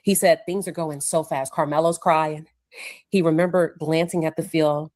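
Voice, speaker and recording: A woman's voice: low voice, fairly even intonation, moderate pace, darkish tone, no room sound. A woman recapping courtroom testimony, acting out the witnesses' words. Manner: acts out quoted witnesses with raised voice. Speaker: courtroom reporter.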